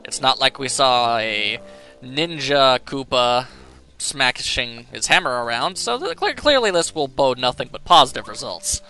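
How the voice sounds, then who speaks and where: A man's voice: medium pitch, animated, a little slow, pushed and bright, clear, resonant tone. A man giving sarcastic, joking commentary while playing a video game. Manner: wry and sarcastic. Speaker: let's player. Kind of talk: gameplay commentary. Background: faint game music.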